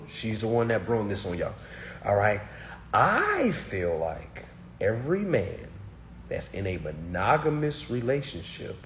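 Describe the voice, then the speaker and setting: A man whose voice is on the low side and a little mellow hosts a casual solo livestream, with a little hiss or hum audible. Responding to viewer comments, he's blunt and preachy, stresses single words, says things over and over and keeps checking with "all right?"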